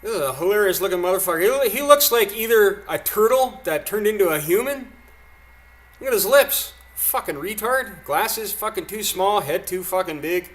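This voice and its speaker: A man's voice: sits high, animated, moderate pace, a bit bright. A man from Canada reacting to news clips with angry, profane, mocking commentary.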